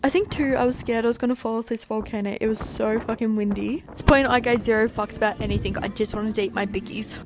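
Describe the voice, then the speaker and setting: A woman's voice: a little high, fairly even intonation, quick pace, few pauses, over loud music. A young Australian woman chatting candidly in a casual travel vlog, swearing freely, filmed on a phone outdoors on a windy mountain. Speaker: travel vlogger. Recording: noisy outdoor phone recording.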